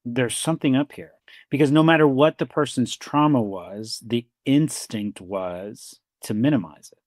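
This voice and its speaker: A therapist with a mid-range voice co-hosts a conversational podcast, telling stories reflectively, acting out quoted dialogue, and often saying "you know" and "like." The studio-quality recording has no echo.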